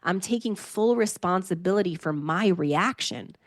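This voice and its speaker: Lower-pitched woman in her thirties, upbeat coaching guest, dry close mic. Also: moderate pace, no room sound. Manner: upbeat, earnest, animated storytelling. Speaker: podcast guest, relationship coach. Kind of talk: conversational interview.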